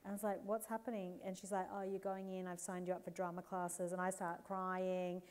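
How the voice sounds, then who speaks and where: Animated Australian woman telling stories. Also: fairly low pitch, brisk. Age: 40s. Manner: animated, laughing, with playful voices. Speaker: guest author. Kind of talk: candid storytelling on stage. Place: live event stage.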